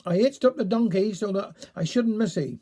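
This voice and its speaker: A man's voice: sits high, moderate pace, dark tone. A man with a Cornish accent voicing a muddled, rambling village man in a spoken story.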